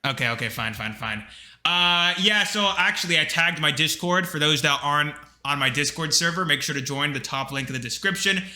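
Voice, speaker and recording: A young man with a very bright, slightly high voice, chatting casually on a podcast. He rambles through his stories with plenty of fillers, and the room gives his voice a roomy echo. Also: a little fast. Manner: rambling storyteller, lots of fillers. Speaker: podcast co-host. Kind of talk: casual chat.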